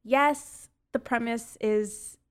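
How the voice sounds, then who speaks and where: A woman's voice: on the high side, steady tone, very slow, clean tone. A woman co-hosting a podcast, reviewing a horror movie in casual chat, with lots of fillers and giggles. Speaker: podcast co-host.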